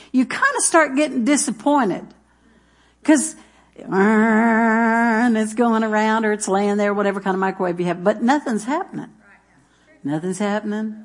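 A woman preaches to her church in a folksy, rambling way, with a touch of brightness in her fairly high voice. She drifts through homey stories with fillers and chuckles, then settles into reading scripture aloud. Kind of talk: sermon with jokes and scripture reading.

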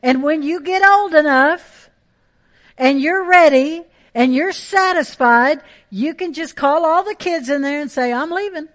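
A woman delivers a sermon from the pulpit. Her voice sits high, and she drives each point home by repeating key phrases with conviction. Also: a little slow, a bit bright. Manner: emphatic preaching with repeated phrases. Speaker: pastor.

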